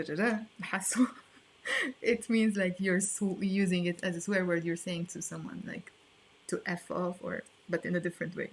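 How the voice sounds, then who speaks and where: A woman's voice: mid-range voice, a little hiss or hum. A woman teaching a language lesson online, explaining in a playful, chatty way with asides.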